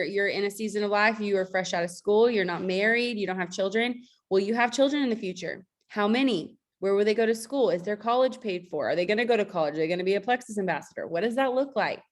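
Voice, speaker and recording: A woman who leads a network marketing team, giving a casual motivational talk on a video call in a chatty, emphatic way, full of fillers. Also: mid-range voice.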